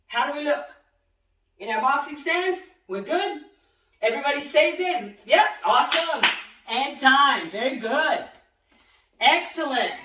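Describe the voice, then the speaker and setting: A woman boxing instructor with a high voice calls out punches and cheers on her class, a little out of breath from the work. She sounds set back from the mic, in an echoey room. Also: a bit bright, far from the mic. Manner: calls out punch combinations, encouraging. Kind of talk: live workout class coaching.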